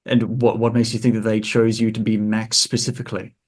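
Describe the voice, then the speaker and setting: A man hosting a podcast, asking questions in a halting way with repeated words. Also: lowish voice, monotone, a little mellow. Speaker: podcast host and interviewer. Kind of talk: interview questions.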